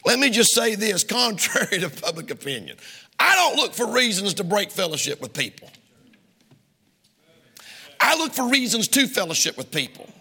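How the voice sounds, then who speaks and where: A Southern US man delivering a sermon from the pulpit, emphatic and pressing, sometimes rising to a shout. His voice sits high with a sharp, bright edge and some gravel in it. The sound rings with the long reverb of a church hall. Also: very animated, normal speed, pauses often. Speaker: preacher. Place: church sanctuary.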